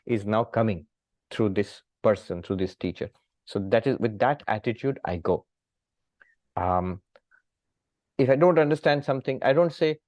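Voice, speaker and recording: Calm monk giving a scripture lecture. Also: male voice, mid-range voice, no room sound, muffled recording. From India. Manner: calm, gently humorous teaching with many pauses.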